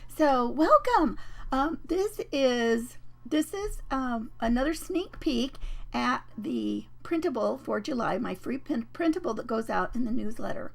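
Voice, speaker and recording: A woman hosting a papercraft live stream, chatting casually and rambling with many fillers and restarts, her voice a bit croaky. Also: on the high side, expressive, a little slow. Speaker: host of a papercraft livestream.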